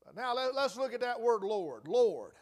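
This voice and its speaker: A man preaching a sermon, repeating phrases with emphatic, folksy, drawn-out delivery. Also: extremely high pitch, very animated.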